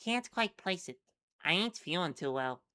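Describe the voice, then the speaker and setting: Woman doing a queasy, hesitant patient, plainspoken, bright, smooth. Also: on the low side, animated, moderate pace. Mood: uneasy. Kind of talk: reading a webcomic aloud with voices.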